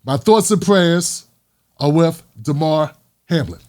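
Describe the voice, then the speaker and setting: High-voiced impassioned male commentator. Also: slow pace, a little mellow. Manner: impassioned, emphatic, repeats lines for punch. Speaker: commentary vlog host. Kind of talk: opinionated commentary monologue.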